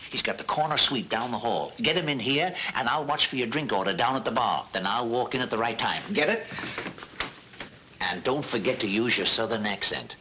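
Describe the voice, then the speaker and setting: An actor playing a scheming con man who gives brisk, bossy orders in 1940s film style. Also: mid-range voice, sharp tone, dull audio, slight background noise, lightly acted. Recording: roomy 1940s film soundtrack.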